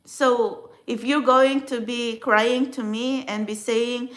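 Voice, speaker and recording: A woman with a high voice tells her story in a personal vlog, and her first language is a Filipino dialect. She rambles and restarts, emotional and halting, circling back on her thoughts. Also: fairly even intonation. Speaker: spiritual vlogger.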